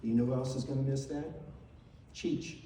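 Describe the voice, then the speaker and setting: A man's voice: medium pitch, steady tone, moderate pace, dark tone, a little hiss or hum. An older man telling heartfelt, emotional stories in a memorial tribute, repeating phrases as he speaks. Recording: very echoey hall, voice from far off.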